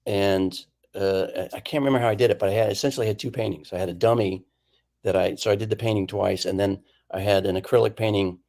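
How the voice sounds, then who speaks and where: Male painter guest, lowish voice, chatty and animated anecdote teller. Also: fast, vocal fry. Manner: animated storyteller who acts out quoted lines. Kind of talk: casual storytelling chat.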